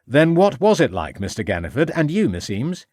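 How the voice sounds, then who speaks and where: A man's voice: lowish voice, sing-song, normal speed, dry recording. Man doing a firm pushy inspector, lots of ups and downs in the voice, dry close sound. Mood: pressing. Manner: firm, pressing, commanding. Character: firm, probing Victorian police inspector. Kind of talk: audiobook character voice.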